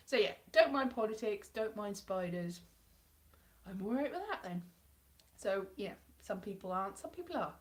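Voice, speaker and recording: A woman's voice: mid-range voice, expressive, normal speed. A woman chatting casually and rambling on a home live stream, breaking into playful voices to mimic characters. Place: indoors at home.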